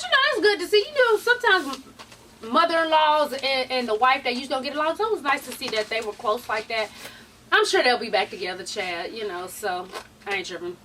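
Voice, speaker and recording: Lively high-voiced woman recapping TV. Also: recorded from a distance, a little hiss or hum, rough recording. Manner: animated, profane, mimics people she quotes. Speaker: TV recap vlogger. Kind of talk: casual reality TV recap.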